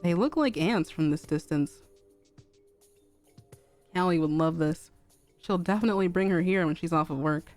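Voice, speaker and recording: A young woman streamer narrating a fanfic aloud in a calm, even reading. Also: fairly low pitch, normal speed, long pauses, faint music behind.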